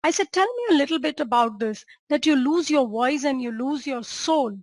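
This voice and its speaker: A woman's voice: high voice, expressive, normal speed, no room sound. A woman doctor, lecturing on a clinical case and drawing listeners in with questions. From India. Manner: engaging, checks in with listeners and asks rhetorical questions. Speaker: homeopathy doctor and teacher.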